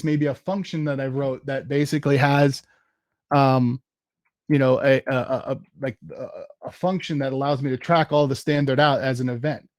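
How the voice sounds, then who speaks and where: A man giving a casual live software demo at a tech meetup, thinking aloud as he types commands. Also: on the high side, dry recording, clean studio sound.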